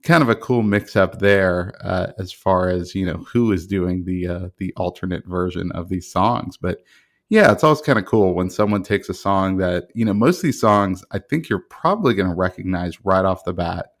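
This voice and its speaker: Deep male podcast host, relaxed and chatty, casual talk. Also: normal speed.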